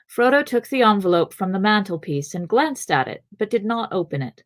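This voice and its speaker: A woman co-hosting a podcast, reading a book aloud and chatting in between, dropping her voice low for the wizard's lines. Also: big pitch swings. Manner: reads the book aloud in a slow measured voice, lowering it for the wizard. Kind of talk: casual podcast read-aloud and chat.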